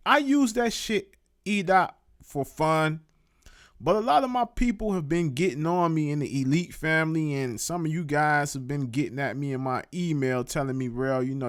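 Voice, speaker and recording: A man's voice: on the high side, fairly bright tone, dry recording, clean studio sound. A man hosting a live online show, giving casual, profane commentary and repeating words for emphasis.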